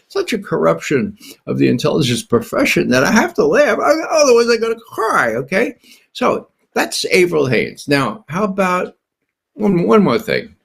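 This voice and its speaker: Older man with a gravelly, husky, lively voice. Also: medium pitch. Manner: emphatic, asks himself rhetorical questions; sardonic, incredulous. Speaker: guest commentator. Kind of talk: animated political commentary.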